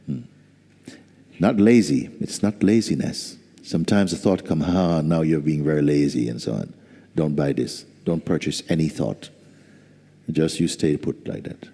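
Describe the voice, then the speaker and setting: Deep-voiced man guiding in a hall. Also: slightly rough. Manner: slow, soft-spoken guiding; gentle humor. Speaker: spiritual teacher. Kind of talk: satsang talk. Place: large hall. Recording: reverberant hall.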